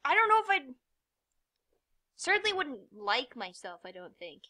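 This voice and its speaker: Young woman rambling over a game, swears a lot, mocks herself, really bright slightly high voice. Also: very animated, normal speed. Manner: rambling, self-mocking, swears often, sudden loud yelps and muttered asides. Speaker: gamer. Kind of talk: let's play commentary.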